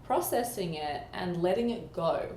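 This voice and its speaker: Woman co-host, slightly low voice, lively storyteller, roomy recording with faint hiss. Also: unhurried. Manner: animated, acts out quoted dialogue. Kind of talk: casual chat. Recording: echoey room, faint background noise.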